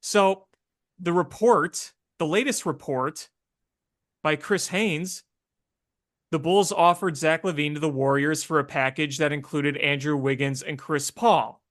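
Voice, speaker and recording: A man with a somewhat raised voice who talks slowly in casual sports chat. He agrees readily and scatters his speech with fillers as he weighs the issue. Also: a little high, fairly bright tone. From Chicago area. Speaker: sports talk podcast co-host.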